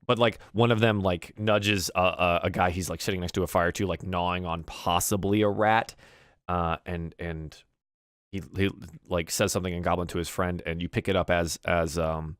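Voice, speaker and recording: A deep-voiced man narrates a tabletop fantasy game as its game master. He rambles with fillers and restarts. The sound is dry and close. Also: fairly even intonation, normal speed, clean tone, no echo.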